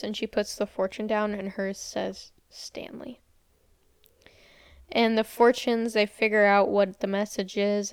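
A woman's voice: mid-range voice, smooth, dry recording, studio quality. A young woman casually retelling a movie's scenes, quoting characters and saying "like" a lot. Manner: retells scenes with quoted lines, frequent "like". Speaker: podcast co-host recapping a movie. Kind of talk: casual movie recap storytelling.

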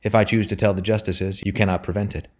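A man's voice: lowish voice, level tone, fast, darkish tone, lightly acted. A man voicing a curt, obstinate old father who turns ironic and roars in anger. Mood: stern. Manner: growling, ironic, roaring in anger. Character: gruff stern old father, curt and irate.

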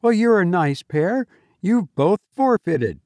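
Narrator putting on a brash young man, loud and breezy, high calling voice, dry close sound. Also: expressive, slow, dry recording, exaggerated voice. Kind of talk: reading a ghost story aloud.

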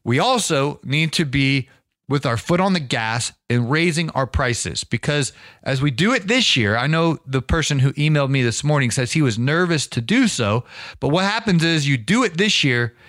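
A middle-aged man hosting a podcast, coaching business owners in an energetic, folksy monologue that often repeats words as he restarts. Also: a little high, normal speed, dry recording, clean studio sound.

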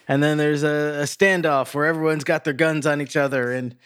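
A man co-hosting a podcast, recapping a TV episode in relaxed storytelling with many fillers. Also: a little high, brisk, clean tone. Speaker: podcast co-host.

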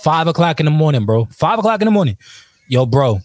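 A man's voice: fairly high pitch, very animated, fast, no echo. A man, a rapper, telling a wild story in casual chat, slangy and laughing often.

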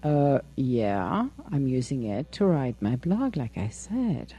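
A woman hosting a podcast, chatting casually and telling an animated story, laughing often and acting out her own replies. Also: extremely low pitch, slow, slightly rough. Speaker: podcast host. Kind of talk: casual chat.

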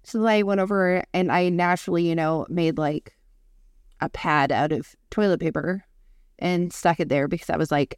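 A woman's voice: on the low side, steady tone, normal speed, clear, resonant tone, no room sound, clean studio sound. A woman in her thirties, co-hosting a podcast, telling a frank personal story in casual chat and swearing freely. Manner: candid, swears freely, acts out voices in anecdotes. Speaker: podcast co-host.

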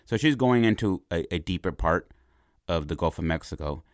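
Low-voiced man telling a rambling story. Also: moderate pace, dry recording, studio quality. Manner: rambling and animated, repeats words, asks "right?". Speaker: podcast host pitching a movie idea. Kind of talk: casual storytelling.

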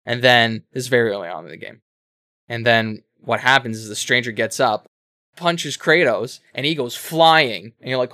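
Bright-voiced man rambling excitedly. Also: mid-range voice, moderate pace, no echo, clean studio sound. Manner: rambling, animated retelling with self-corrections and swearing. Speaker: podcast co-host explaining a game. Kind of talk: casual chat.

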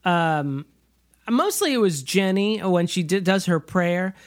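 A man's voice: high-pitched, expressive, slow. Give me a man co-hosting a podcast in casual chat, rambling and laughing as he talks. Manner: rambling, laughs often, self-interrupting. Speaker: podcast co-host. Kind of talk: casual movie discussion.

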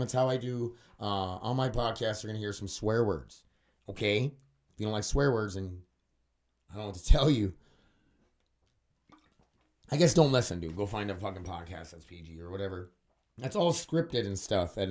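A man hosting a solo podcast monologue, rambling and swearing freely, with frequent fillers like "uh" and "dude". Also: on the low side. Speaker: podcast host.

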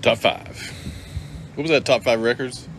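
A man's voice: medium pitch, measured pace, gravelly, background noise. A middle-aged man hosting a casual live stream, rambling and joking as he greets viewers by name.

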